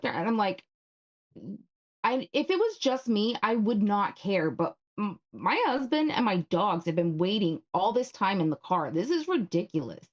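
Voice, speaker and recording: A woman's voice: medium pitch, big pitch swings, moderate pace, highs cut off. A woman co-hosting a live stream in casual chat, talking frankly and swearing freely when she is worked up. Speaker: co-host.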